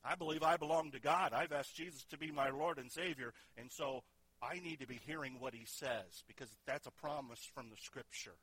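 A man's voice: medium pitch, brisk, a bit bright, breathy edge, dry recording. A middle-aged man preaching a sermon as pastor, in a conversational way that often asks the congregation questions.

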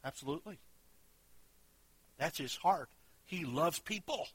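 A man preaching a sermon with a bright, forceful tone and a voice pitched a little high. He is earnest, rising to loud emphasis and then dropping to a hushed, intimate level. The sound is close and dry. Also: lively intonation, a little slow, slightly rough, dry recording, poor audio. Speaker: pastor.

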